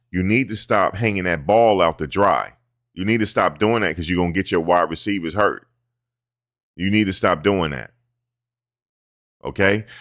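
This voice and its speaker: A man hosting casual sports talk, animated and profane, who mimics players' bland interview answers. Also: low-pitched, dry recording, studio quality. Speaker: sports commentary host.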